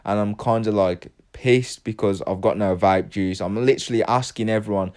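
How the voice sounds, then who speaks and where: A teenage man tells a story in a casual, rambling way. His voice sits a little low, and he packs his talk with fillers like "literally" and "like." He swears now and then. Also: normal speed, a little mellow.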